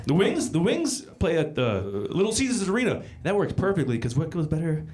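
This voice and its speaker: A man's voice: high-pitched, big pitch swings, fairly quick, very noisy. A man performing a stand-up comedy set on a club stage, rambling and crude, with frequent restarts and swearing. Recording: live club recording with crowd laughter. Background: audience laughter.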